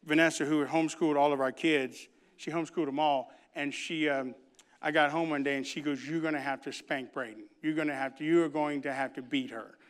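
A male pastor delivers a sermon in an animated, storytelling way, acting out the voices of his family. His voice sits high and sounds smooth and resonant. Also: brisk.

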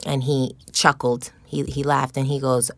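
A woman salon owner giving lively, direct interview answers and telling her story with energy. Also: rumbling low, a little slow.

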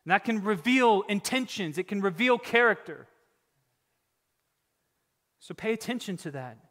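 A male pastor delivers a sermon in a high, bright, ringing voice. He is emphatic, rising to loud exhortation and dropping to near-whispers. The sound carries the long reverb of a church hall. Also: lively intonation, a little slow.

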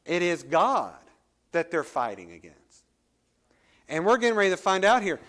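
A man's voice: sits high, huge pitch swings, moderate pace, fairly bright tone. A man preaching a sermon as pastor, reading scripture aloud and explaining it with rising and falling emphasis.

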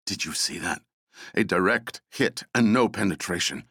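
A man's voice: low-pitched, animated, normal speed, a bit bright, slightly rough, no room sound, clean studio sound, heavily acted. A man voicing a brash, impatient young woman exterminator in an audiobook. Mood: scornful. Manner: bold, impatient, scornful.

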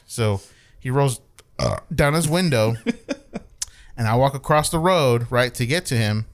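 A young man telling a profane story in casual chat, acting out the quoted lines. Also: mid-range voice. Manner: animated, swears a lot, acts out quotes.

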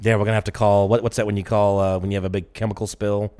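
A man's voice: lowish voice, little pitch movement, rapid-fire, mellow. A man co-hosting a podcast, reacting to stories with short teasing remarks and muttered asides. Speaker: podcast co-host. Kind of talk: casual chat.

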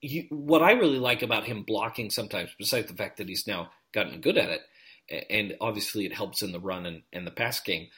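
A man co-hosting a podcast in casual sports chat, animated and full of quick restarts. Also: lowish voice. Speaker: podcast co-host.

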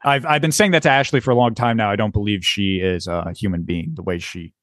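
A man's voice: on the low side, fast talker, no room sound, studio quality. A young man co-hosting a casual podcast, telling a story with acted-out dialogue and lots of swearing. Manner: animated, profane, exasperated storytelling with acted-out dialogue. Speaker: podcast co-host.

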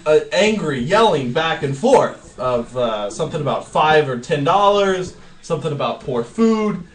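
A man's voice: fairly high pitch, reverberant, recorded from a distance, low-quality recording. A man hosting a podcast from a restaurant's back room, telling a story with much laughter and cursing. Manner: laughing, excitable, profane. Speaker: podcast host. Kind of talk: animated storytelling.

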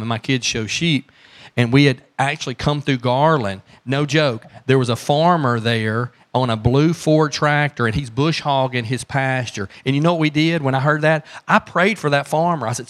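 A man's voice: medium pitch, normal speed, a bit bright. A man, a pastor preaching in church, telling stories in a folksy way and asking his congregation questions. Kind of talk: sermon.

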